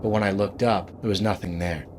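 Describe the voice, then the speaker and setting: A man's voice: on the low side, fairly even intonation, brisk, background noise, close to an everyday voice. A man voicing a worried male gym client who speaks in an earnest, confiding way.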